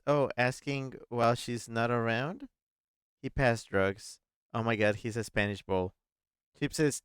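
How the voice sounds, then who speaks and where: A playful male gaming streamer hosts a casual let's-play, reading chat messages aloud and thinking out loud as he puzzles over clues. His voice is smooth and resonant at a middle pitch, and his manner is chatty. The sound is close and dry, with no room sound.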